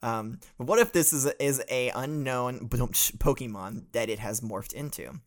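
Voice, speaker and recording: A man's voice: mid-range voice, expressive, normal speed. A man hosting a comic podcast as a professor, reading listener letters in a wry, teasing way. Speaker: host playing a professor.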